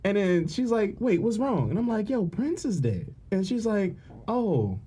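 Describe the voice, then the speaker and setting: A woman's voice: medium pitch, unhurried, breathy edge. A woman co-hosting a podcast, telling stories in casual chat and acting out the voices of people she quotes. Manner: animated storyteller, acts out quoted voices. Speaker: podcast co-host. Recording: podcast booth.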